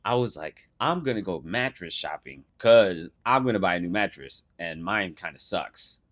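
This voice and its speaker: A young man co-hosting a podcast, telling stories in a casual, animated way with swearing and mock voices. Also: low-pitched, normal speed. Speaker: podcast co-host. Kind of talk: casual chat.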